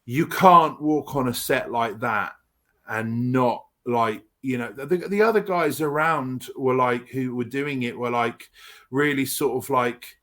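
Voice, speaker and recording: An English man from Essex, an actor guest in an interview, telling animated stories with lots of restarts and fillers. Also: mid-range voice, measured pace. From Essex, England. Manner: energetic, rambling, many restarts and fillers.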